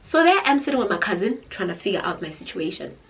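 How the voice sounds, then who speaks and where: A young woman with a South African accent, telling a storytime tale in a dramatic, animated way. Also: medium pitch, fast, rough recording. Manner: animated, dramatic, code-switching into Zulu. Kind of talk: casual storytime chat.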